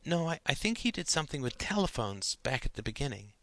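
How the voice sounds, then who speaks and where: A man voicing a shy, anxious teenage schoolgirl in a storybook reading, soft and hesitant. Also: mid-range voice, sing-song, fast talker, no echo, pitched above the performer's own voice.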